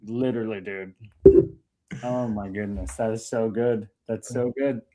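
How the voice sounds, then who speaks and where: A man hosting a casual livestream chat, relaxed and laughing often, calling everyone "dude". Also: on the low side, unhurried. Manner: laid-back, peppered with "dude", laughs often. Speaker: host.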